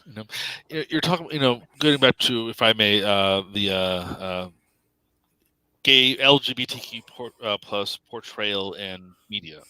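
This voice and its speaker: Bright-voiced chatty male guest. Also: lowish voice, unhurried, clear, resonant tone, no echo, low-quality recording. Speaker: guest, caucus president. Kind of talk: casual conversation.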